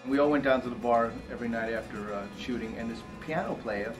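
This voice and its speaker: A man telling a lively anecdote about a friend in an interview, speaking casually and getting worked up as he goes. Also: medium pitch, fast talker, over music, low-quality recording. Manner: animated storyteller, builds to excitement. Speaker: friend and colleague.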